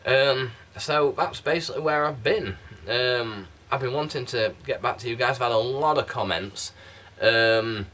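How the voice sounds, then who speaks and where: A man with a muddled South Yorkshire accent chats straight to camera, rambling and poking fun at himself. His voice sits at an everyday middle pitch. He is picked up by a games console camera mic. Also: unhurried, sharp tone. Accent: mixed South Yorkshire English. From South Yorkshire, England. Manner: rambling, chatty, self-deprecating. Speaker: YouTube candle reviewer. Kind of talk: casual chat to camera. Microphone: PlayStation camera mic.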